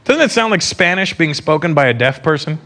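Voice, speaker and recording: A man doing live stand-up comedy on stage, teasing the audience in an animated way. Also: on the high side, a little fast, noisy background. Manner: animated, teasing crowd work.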